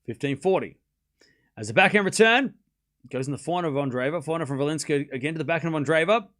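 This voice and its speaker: A man's voice: on the high side, fast talker, a bit bright. A young Australian man giving casual live tennis commentary on a stream, chatting with his viewers and laughing often. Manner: chatty, reads chat aloud, laughs often.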